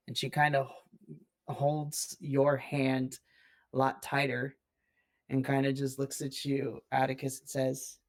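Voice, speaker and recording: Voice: mid-range voice, little pitch movement, normal speed. A game master narrating a tabletop role-play scene in a loose, descriptive way, full of "kinda.".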